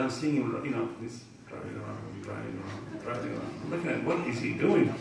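Slightly high with vocal fry, an Islamic speaker's voice fills an echoey community hall as he gives an emotional, animated religious talk full of personal stories and laughter. He stands far from the mic, and faint noise is audible.

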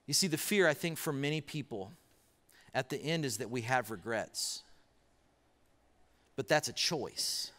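A man's voice: medium pitch, lively intonation, fairly bright tone. A man preaching a sermon as pastor, telling a story and posing repeated questions to the congregation. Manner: storytelling with pauses and rhetorical questions. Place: church auditorium. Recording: church hall reverb.

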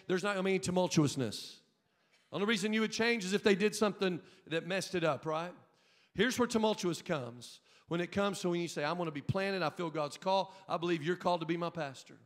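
A man preaching as a pastor in a church, emphatic and calling for the congregation to repeat after him, sometimes rising to a shout. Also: high voice. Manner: emphatic, call-and-response preaching, at times shouting. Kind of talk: sermon. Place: church sanctuary. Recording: long hall reverb.

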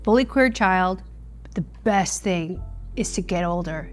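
A woman's voice: lowish voice, unhurried, faint music behind. A woman in her fifties, a comedian guest in a casual interview, talking in a reflective way. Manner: reflective, drops to a breathy whisper for emphasis.

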